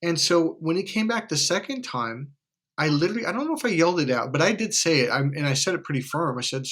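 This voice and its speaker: A man talking as a dating coach in casual conversation, blunt and animated, swearing freely. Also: on the high side, fast.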